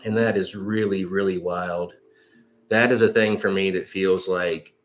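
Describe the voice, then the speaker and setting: Low-voiced rambling man, casual storyteller. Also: muffled recording, slight background noise. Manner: rambling, heavy swearing, many fillers. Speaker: psychic livestream host. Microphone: livestream microphone.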